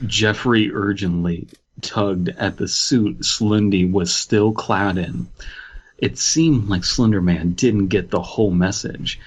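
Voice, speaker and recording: A man's voice: fairly low pitch, slow, husky. A man co-hosting a comedy podcast, reading fanfiction aloud and breaking into laughter mid-sentence.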